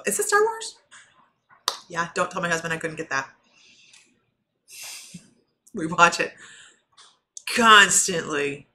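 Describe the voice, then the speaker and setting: A woman with a slightly low voice and a bright, forceful edge chats to her viewers as a spiritual medium, giving readings on a live stream. She rambles, restarts her sentences and breaks into laughter. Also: huge pitch swings, slow pace, pauses often, slight background noise. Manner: rambling, self-interrupting, laughs often.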